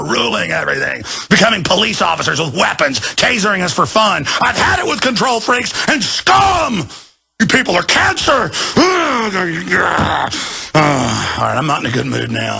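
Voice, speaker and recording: A man delivering an angry broadcast rant, bellowing and frantic, swinging between yelling and low muttering. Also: vocal fry, slight background noise. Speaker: ranting broadcaster.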